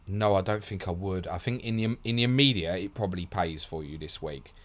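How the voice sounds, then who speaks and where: A man hosting a fast live Q&A, blunt and casual, calling listeners mate, with a sore throat and short of sleep. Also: low voice. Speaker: host answering viewer questions.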